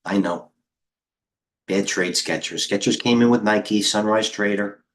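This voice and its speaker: Middle-aged male trading coach, low-pitched, loose and excitable, riffs on charts to his viewers. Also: a little slow. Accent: New York. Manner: rambling, excitable, chatty with viewers. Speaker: trading coach hosting a livestream. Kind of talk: casual live market commentary.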